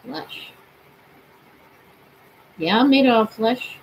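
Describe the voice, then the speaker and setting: Young woman in her twenties, casual streamer who talks to spirits, mid pitch, faint hiss. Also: moderate pace, lo-fi sound. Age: 20s. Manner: chatty, asks spirits questions aloud. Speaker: paranormal streamer. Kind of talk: casual live-stream chat. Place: bedroom.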